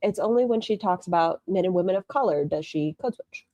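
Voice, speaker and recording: A woman's voice: on the low side, a little fast, mellow, muffled recording. A woman hosting critical reaction commentary, blunt and sarcastic. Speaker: commentary host.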